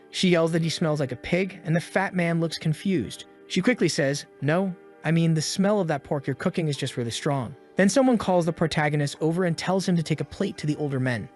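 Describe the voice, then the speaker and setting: Sarcastic male recap narrator, higher voice. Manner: sarcastic asides to the listener. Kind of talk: scripted story recap narration.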